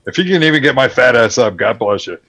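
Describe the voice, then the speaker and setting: A man's voice: mid-range voice, expressive, quick pace, fairly bright tone. A man chatting on a stream, teasing the host with crude, profane jokes. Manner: crude, teasing, swears freely. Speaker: regular on the stream. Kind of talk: casual chat.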